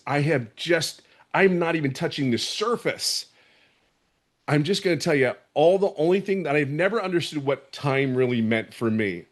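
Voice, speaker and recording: Fervent man in his fifties. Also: mid-range voice. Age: 50s. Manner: fervent and earnest, with many restarts. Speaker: webinar guest giving a testimonial. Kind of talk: emotional motivational testimony. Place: at home.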